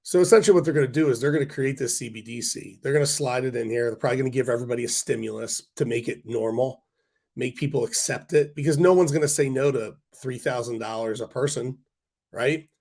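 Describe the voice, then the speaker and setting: A man with a hoarse, congested voice talks casually to his livestream viewers. He rants bluntly and breaks off into quick asides to the chat. His pitch sits in an ordinary middle range. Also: darkish tone. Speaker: stock market livestream host.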